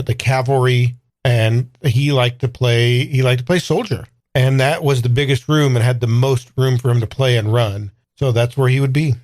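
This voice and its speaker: A man's voice: medium pitch, darkish tone, no echo. Guy player in a tabletop game, hesitant, lots of ums, dry mic. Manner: hesitant, filler-heavy, thinking aloud. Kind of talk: tabletop game role-play.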